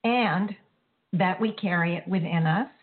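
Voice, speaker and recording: A woman's voice: on the low side, measured pace. A woman hosting a spiritual talk show, speaking earnestly in a rambling way that circles back and corrects itself. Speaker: host. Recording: tinny phone-like line.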